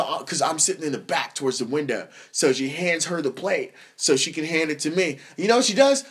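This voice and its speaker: A young man tells comedic stories on his podcast, swearing freely and laughing as he talks. His voice sits a little high for a man. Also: husky. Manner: profane, animated, laughs through his stories. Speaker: podcast host. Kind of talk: comedic storytelling monologue.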